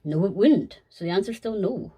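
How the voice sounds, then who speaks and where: A woman voicing a gloomy, blunt young man who grumbles flatly in a fan audio sketch. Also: mid-range voice, moderate pace, breathy edge. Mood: grumpy.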